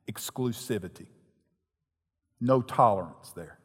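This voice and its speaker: A pastor preaching an earnest, emphatic sermon in a church hall. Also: male voice, fairly low pitch, normal speed. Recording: long echoing hall reverb.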